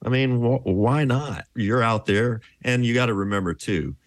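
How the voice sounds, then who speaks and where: A man in his fifties, a former pro basketball player, telling relaxed, chuckling stories in a casual interview. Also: medium pitch, moderate pace, no room sound, studio quality.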